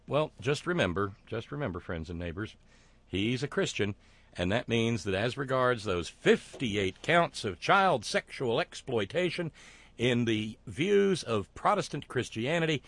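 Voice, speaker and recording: Male show host, mid-range voice, sardonic and halting, dry and close. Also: medium pitch, big pitch swings, fairly bright tone, no echo. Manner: sardonic, wry, halting with fillers. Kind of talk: sardonic monologue commentary.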